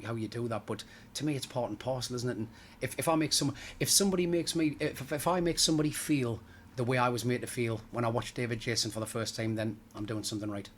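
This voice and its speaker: A man's voice: mid-range voice, slight background noise. A middle-aged man, a pantomime comic chatting jokily in an interview and laughing at his own stories. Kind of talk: casual interview chat.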